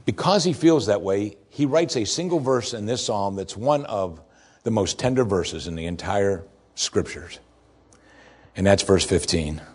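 Male pastor, husky timbre, expressive sermon delivery with wide swings in emphasis. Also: unhurried. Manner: expressive, swings from raised emphasis to soft low tones.

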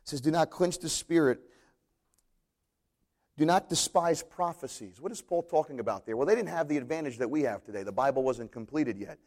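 Pastor guy preaching, kinda high voice, chatty, cracks jokes, repeats stuff for emphasis. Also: lively intonation, a little fast, a little mellow. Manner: conversational, joking asides, emphatic repetition. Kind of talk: sermon.

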